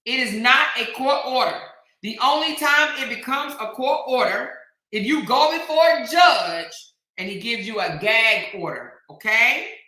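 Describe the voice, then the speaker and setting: A woman's voice: a little high, a little slow, sharp tone. An American woman hosting a casual commentary vlog, sassy and emphatic, speaking straight to the people she talks about. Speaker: commentary vlogger host. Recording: echoey room.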